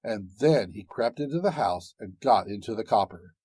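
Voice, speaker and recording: A man narrating a fairy tale, expressive and dramatic in an unhurried way. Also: fairly low pitch, breathy edge, dry recording. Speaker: storyteller.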